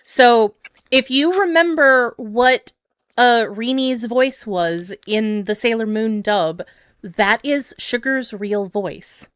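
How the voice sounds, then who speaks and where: A woman's voice: on the high side, takes it slowly, fairly bright tone, smooth, no echo, clean studio sound. A woman from Canada hosting a podcast over a video call, talking casually with many fillers. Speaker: podcast host.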